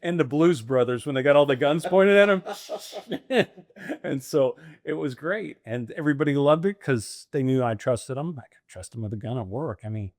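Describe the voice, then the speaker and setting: In a laid-back interview, a US franchise owner in his fifties shares how his career unfolded, slipping into voices and laughing often. He talks at normal speed with a medium, expressive voice, recorded cleanly in a studio with no echo.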